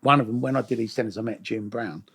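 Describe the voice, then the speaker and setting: Gravelly man telling stories. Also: medium pitch, fast, fairly bright tone. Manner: chatty, swears freely, acts out quoted voices. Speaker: guest. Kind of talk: casual storytelling interview.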